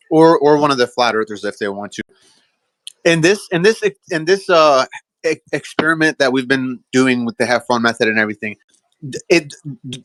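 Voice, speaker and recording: A man in an online call discussion asking a question, halting and hesitant, with many repeated words, and eating while he talks. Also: medium pitch, fairly bright tone, dry recording.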